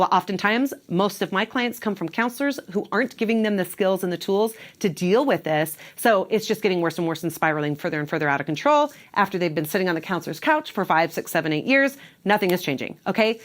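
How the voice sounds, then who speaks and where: A woman's voice: mid-range voice, expressive, quick pace. A woman who works as a divorce coach, giving emphatic advice straight to camera and checking in with "okay?" and "right?". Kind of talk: direct-to-camera advice talk.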